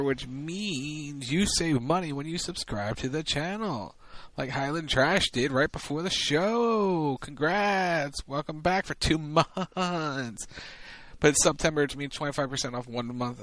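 A man's voice: on the high side, a bit bright, dry recording. A man hosting a live talk show as its producer, chatting and plugging links. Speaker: producer and host.

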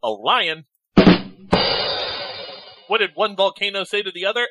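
A man telling corny jokes in casual banter, playful and quick to swear. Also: sits high, expressive, loud music behind the voice.

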